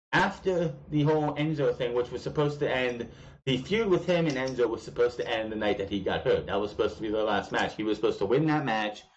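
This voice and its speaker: Male vlogger, casual and opinionated, blunt and profane, muffled home recording. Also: medium pitch. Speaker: wrestling show commentator.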